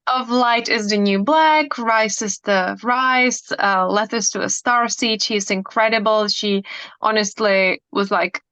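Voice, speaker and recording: A woman's voice: medium pitch, measured pace, a bit bright, clear, resonant tone, dry recording. A woman speaking as a hypnotherapist guest in a casual interview, earnest and enthusiastic, with many fillers. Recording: dull lo-fi dry sound.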